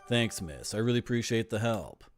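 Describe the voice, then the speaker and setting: A man's voice: lowish voice, animated, normal speed, dry recording, clean studio sound, faint music behind, natural voice. Friendly, obliging man, polite, read by a male streamer. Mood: grateful. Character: friendly male helper brewing tea.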